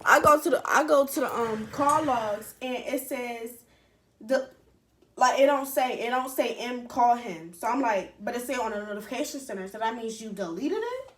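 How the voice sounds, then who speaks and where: Bright-voiced woman telling a story. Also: a little high, normal speed. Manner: animated, profane and candid, addresses viewers directly. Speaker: vlogger telling a personal story. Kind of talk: casual storytime to camera. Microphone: camera set up in front of her.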